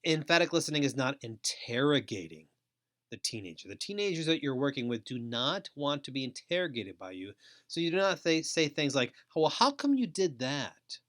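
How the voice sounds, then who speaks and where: A man giving a recorded lecture as a foster care educator, speaking deliberately and repeating key phrases. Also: mid-range voice, animated, fairly bright tone.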